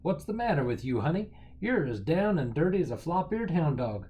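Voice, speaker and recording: A man voicing a spry, bossy old fairy godmother who talks in a brisk, folksy cowpoke way in a storybook reading. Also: on the high side, sing-song, mellow, voice pushed up.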